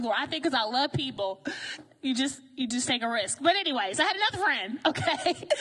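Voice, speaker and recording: A woman preaching a sermon in a lively, conversational way, often asking the congregation questions. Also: sits high.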